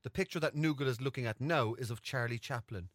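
A man's voice: medium pitch, fast talker, noisy background. A man hosting a casual quiz, blunt and teasing, swearing freely at his friend. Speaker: quiz host. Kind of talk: casual banter among friends.

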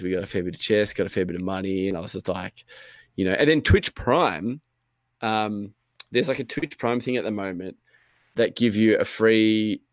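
A man spins a loose, rambling story in casual chat. He leans on fillers and swears freely. His voice sits a touch low and sounds dry and close, with no room around it. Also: dry recording.

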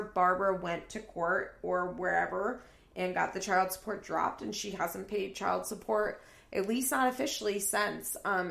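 Brief: casual female recapper, gravelly fry, echoey apartment room. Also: mid-range voice, a bit bright. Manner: chatty, laughing, acts out quotes. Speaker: reality TV recap commentator.

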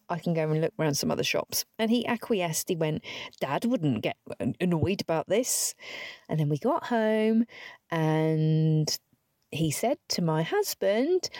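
A British woman in her forties, her medium-pitched voice mellow and recorded in a clean studio with no room sound, hosts her own solo podcast. She tells a wry, chatty story, swearing occasionally and acting out the dialogue.

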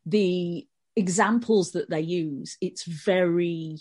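A woman's voice: on the low side, takes it slowly, a little mellow, husky. A middle-aged woman with a Birmingham accent, talking through ideas at length as a guest in a casual podcast discussion. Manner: conversational, explaining at length. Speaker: panel guest columnist.

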